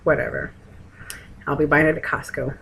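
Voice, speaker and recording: A woman's voice: low voice, level tone, normal speed, creaky, a bit bright, slightly rough, low-quality recording. Frank, rambling woman vlogging. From Texas. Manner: frank, rambling, sarcastic asides. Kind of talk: casual chat to camera. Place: friend's house, indoors.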